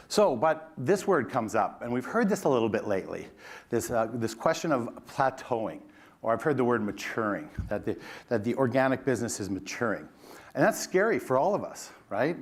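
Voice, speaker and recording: A middle-aged man speaking from a conference stage to an audience. He tells his story with an easy, self-deprecating humor, and his voice stays in a plain middle register as he shifts between anecdote and industry figures. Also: mid-range voice. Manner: animated, self-deprecating storyteller who mimics his boss. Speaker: keynote speaker.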